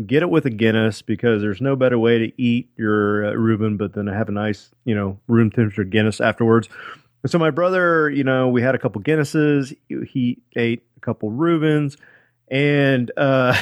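Rambling halting podcast man. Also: medium pitch, no room sound, clean studio sound. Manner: rambling, halting, with many restarts. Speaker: podcast co-host. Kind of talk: casual storytelling chat.

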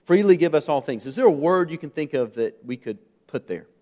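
Earnest American pastor preaching. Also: male voice, fairly high pitch, expressive, a little fast, a little mellow. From United States. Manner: earnest, emphatic, engages the audience with questions. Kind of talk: sermon.

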